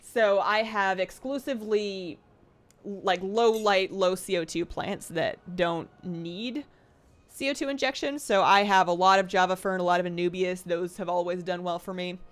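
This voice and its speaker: A woman's voice: lowish voice, steady tone, moderate pace. Chatty woman livestreamer rambling to viewers. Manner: rambling, self-deprecating, frequent fillers and restarts. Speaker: livestream host. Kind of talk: casual chat reading viewer comments. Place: home apartment.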